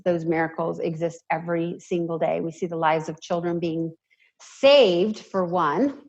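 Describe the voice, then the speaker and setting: Earnest middle-aged woman, muffled audio. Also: fairly low pitch. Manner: earnest, heartfelt. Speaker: charity director guest. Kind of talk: interview conversation.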